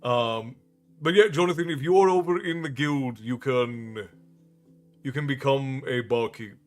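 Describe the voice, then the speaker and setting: A man's voice: medium pitch, a little slow, faint music behind. A man from Ireland hosting a livestream, chatting casually and greeting viewers by name in a friendly, rambling way. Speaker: livestream host and storyteller. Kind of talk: casual chat with stream viewers.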